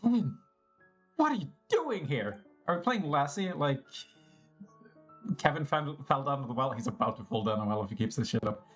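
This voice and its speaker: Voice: medium pitch, fairly even intonation, brisk, a bit bright. A streamer commenting casually while playing a game, rambling and mocking themselves, with some swearing. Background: game music.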